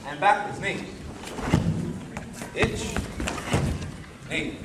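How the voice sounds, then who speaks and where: A man coaching a karate class in a big hall, his slightly higher voice ringing with echo. He calls out counts and drills the room in call-and-response, heard from across the space over steady background noise. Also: moderate pace. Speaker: karate instructor. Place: large training hall. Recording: echoey hall from far off, noisy.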